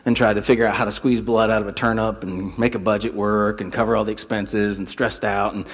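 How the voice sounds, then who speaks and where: A man's voice: on the low side, fairly quick, long reverb tail. A man preaching a sermon, telling stories and acting out quotes. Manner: animated storytelling with acted quotes. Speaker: pastor.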